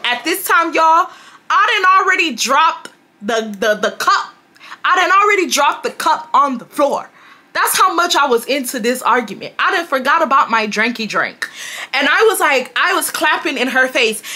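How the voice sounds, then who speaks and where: A young woman tells a storytime to her viewers in a loose, chatty way. Her voice is bright and sits a little high. She curses freely and gets loud when she acts out the quarrel. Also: normal speed. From Nigeria. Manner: animated, swearing, loud mocking re-enactments of the argument. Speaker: storytime vlogger. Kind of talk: casual storytelling to camera.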